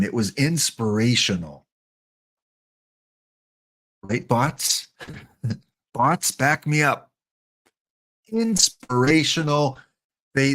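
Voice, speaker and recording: A middle-aged man giving chatty, joking live-stream commentary while playing a baseball sim, excited and wired on coffee. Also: fairly low pitch. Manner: chatty, joking, talks to chat bots.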